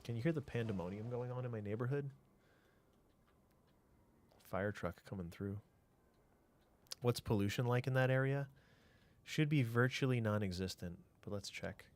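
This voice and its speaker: A man's voice: medium pitch, normal speed, long pauses, slight background noise. A man streaming a city-building game, thinking aloud in a casual way, answering chat and trailing off into mutters.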